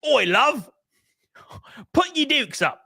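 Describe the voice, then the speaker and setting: A man's voice: very high voice, sing-song, slow pace, creaky, pushed and bright, no echo, studio quality, pitched above the performer's own voice, full character voice. A man voicing a chirpy, mocking British bloke with an exaggerated put-on British accent. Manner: exaggerated, jokey.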